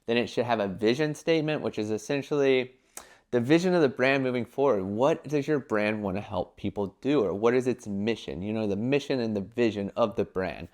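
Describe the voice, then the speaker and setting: A young man giving casual business advice in a vlog, talking animatedly and filling his talk with "like" and quick acted-out quotes. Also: mid-range voice, a little mellow. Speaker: entrepreneur giving brand advice.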